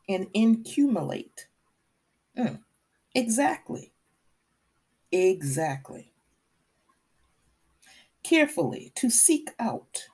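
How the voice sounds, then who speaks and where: A woman teaching a sermon at an unhurried pace, her voice husky and breathy. She hammers her points through repetition and pauses to hunt for the right verse aloud. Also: mid-range voice, a little mellow. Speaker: preacher.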